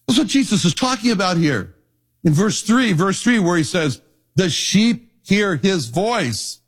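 An older man giving a sermon as pastor, telling folksy personal stories with an animated, conversational delivery. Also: fairly high pitch, slightly rough. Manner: storytelling, animated, folksy asides.

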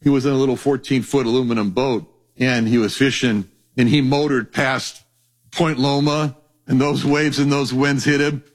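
A man teaching a sermon on a Bible passage, telling stories in a lively way and acting out the voices of people in them. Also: medium pitch, normal speed. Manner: animated storytelling, acts out quoted voices.

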